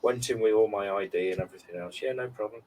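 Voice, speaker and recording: A man's voice: lowish voice, fast, a little mellow, dull audio. A man in his forties on a podcast, telling stories in a rambling, heartfelt way with many fillers. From United Kingdom. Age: 40s. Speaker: podcast co-host. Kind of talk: casual chat. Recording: slightly distant mic with faint background noise.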